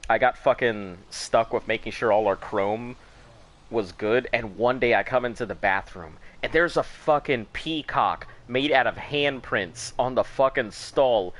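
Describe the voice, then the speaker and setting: A man's voice: mid-range voice, a little slow, a bit bright. A man in his thirties chatting casually while he plays a game, telling stories full of swearing and laughter. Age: 30s. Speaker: gaming streamer. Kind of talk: casual chat while gaming.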